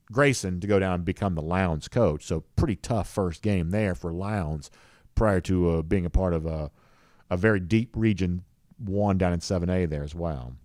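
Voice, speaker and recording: A podcast host from the rural US South reads viewer comments on a live show, rambling easily with lots of fillers. His voice is low and a little mellow, with studio-quality sound and no echo.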